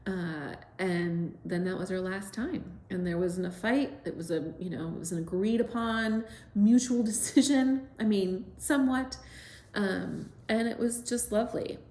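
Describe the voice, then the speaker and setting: A middle-aged woman, a lactation consultant, gently telling a personal story with many fillers. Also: medium pitch, unhurried, gravelly, echoey room.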